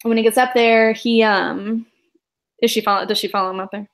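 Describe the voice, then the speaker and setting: A woman's voice: on the high side, steady tone, a little fast. A woman narrating a tabletop game as game master, in a casual, rambling way with many fillers and laughs.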